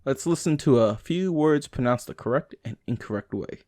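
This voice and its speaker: A man's voice: mid-range voice, expressive, darkish tone, no echo, clean studio sound. Man reading language notes aloud. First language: English. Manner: reads text aloud with fillers and restarts, slow over examples.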